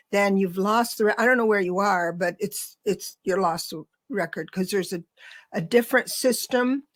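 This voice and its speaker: A woman's voice: mid-range voice, no room sound. A woman hosting a podcast interview, chatty, laughing easily and often restarting sentences as she talks with her guest. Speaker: podcast host. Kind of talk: conversational interview.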